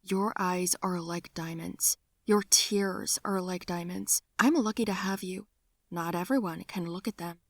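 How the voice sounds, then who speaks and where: A woman voicing a caring young man in an animated storybook, speaking with strong emotion. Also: on the high side, unhurried, few pauses, no echo, clean studio sound. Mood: tender. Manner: emotional, shouting in alarm.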